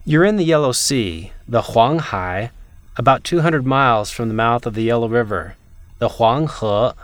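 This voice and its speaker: A man narrating a language lesson from a script, with measured, clear enunciation and demonstrated intonations. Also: mid-range voice, dry recording, soft background music.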